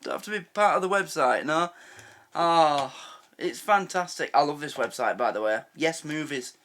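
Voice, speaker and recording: A man's voice: fairly high pitch, animated, normal speed, fairly bright tone. A man giving casual, chatty reaction commentary on a sitcom, laughing often and restarting his sentences. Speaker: reaction video host.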